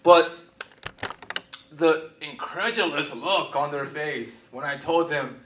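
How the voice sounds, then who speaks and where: A man preaching a sermon to a congregation, with a conversational style full of "right?" asides and quick laughs. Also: a little high, noisy background. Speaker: pastor.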